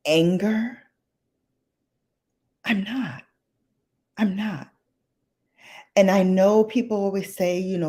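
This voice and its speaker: A woman's voice: medium pitch, slow, long pauses, mellow. A middle-aged woman hosting a late-night livestream chat, speaking emotionally and close to tears, repeating phrases for emphasis. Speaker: livestream host.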